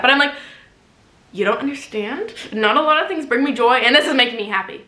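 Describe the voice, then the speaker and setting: A woman's voice: high voice, animated, fast, bright, forceful tone, echoey room. A young woman vlogger chatting casually about her favorite things, full of fillers and playful asides. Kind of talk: casual chat.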